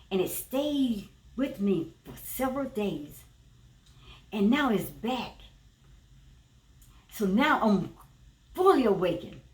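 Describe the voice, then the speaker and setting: Earnest high-voiced woman, echoey room. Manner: earnest, repetitive, emphatic phrasing. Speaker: teacher and former preacher. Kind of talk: personal spiritual testimony. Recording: roomy echo, voice from a distance.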